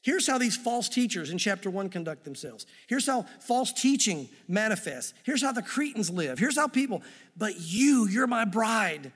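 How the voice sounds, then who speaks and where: A male pastor preaching a sermon in a church, in an animated, conversational way with frequent asides. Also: sits high, normal speed, few pauses. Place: church sanctuary. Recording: long reverb of a church hall.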